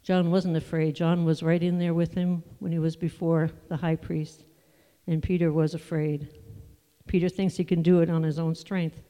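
A preacher delivers a sermon in a mellow, warm voice, talking through scripture in an easygoing, conversational way. The sound carries a long reverb, as if in a large hall. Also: mid-range voice, flat delivery, clean tone. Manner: conversational, unhurried Bible teaching with asides.

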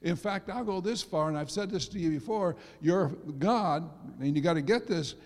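A man's voice: high voice, normal speed. Man preaching in a reverberant church. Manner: preachy, swings between soft asides and loud emphasis. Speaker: pastor. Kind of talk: sermon. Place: church sanctuary. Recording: long reverb of a church hall.

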